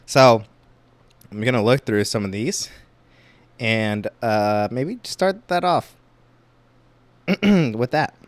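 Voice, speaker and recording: A young man hosting a solo podcast, chatting casually and reading online posts aloud with quick exclamations. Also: mid-range voice, no echo. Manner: casual, rambling, exclaims reactions while reading. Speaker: podcast host.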